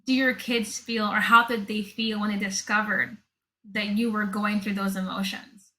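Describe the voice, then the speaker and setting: A woman hosting an interview podcast, affirming her guest and asking gentle questions. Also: mid-range voice, flat delivery, moderate pace, poor audio. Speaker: podcast host.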